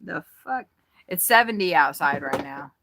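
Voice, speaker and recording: A woman's voice: low voice, animated, normal speed, creaky, noisy background. A woman chatting casually on a livestream, joking around and laughing often. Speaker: livestream host.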